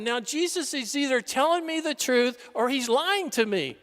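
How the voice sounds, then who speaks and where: A priest delivers a dramatic sermon, his voice high and bright with a forceful edge. He swings from loud cries to hushed near-whispers. A long church reverb trails behind him. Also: moderate pace, hardly any pauses. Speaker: pastor. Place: large church.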